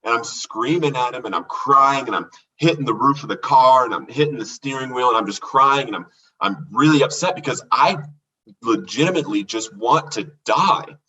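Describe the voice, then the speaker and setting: A man recounting his recovery from addiction as a podcast guest, earnest and halting, with many restarts. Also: medium pitch, animated, pushed and bright, husky, distant mic, low-quality recording. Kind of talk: candid testimony in a podcast conversation.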